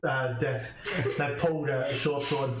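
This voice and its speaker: A man narrating as game master of a tabletop game, with loose, halting delivery full of fillers and restarts. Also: medium pitch, steady tone. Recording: very echoey room with background noise.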